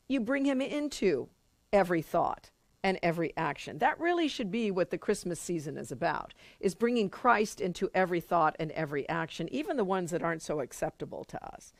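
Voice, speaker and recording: Lively, earnest middle-aged woman teaching a study group. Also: medium pitch, a little fast, dry recording. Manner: earnest and conversational, acts out little quoted inner voices. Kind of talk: informal spiritual teaching to a live group.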